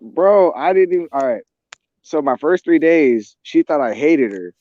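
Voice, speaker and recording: A man's voice: a little high, expressive, unhurried, mellow, no room sound. A young man telling a heated, profane story in casual chat over a video call. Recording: dull, dry lo-fi call audio.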